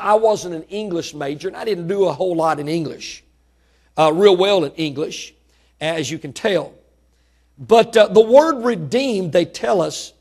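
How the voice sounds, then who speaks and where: Male preacher, high voice, slow stressed words and rising loudness in the sermon. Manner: preaching with drawn-out emphasis and swelling volume.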